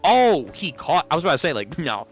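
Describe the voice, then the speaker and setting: A man giving casual reaction commentary on a manga read-through, animated and exclaiming in disbelief, with frequent swearing. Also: fairly high pitch, fairly quick, faint music behind.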